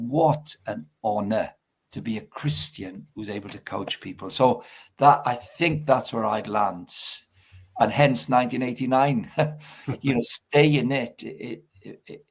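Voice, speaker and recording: A Welsh man in his sixties gives an earnest, reflective answer as an interview guest. His voice is gravelly and husky at an everyday pitch, and he often repeats and restarts his words as he talks. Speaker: interview guest, sports ministry director.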